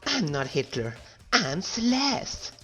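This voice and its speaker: A man's voice: high voice, big pitch swings, slow pace, bright, forceful tone, pitched above the performer's own voice, heavily acted. A prim, cool-mannered gothic schoolgirl from a video game, put on by a man reading her lines aloud. She speaks politely, in a girlish voice that is put on rather than natural, over faint background music.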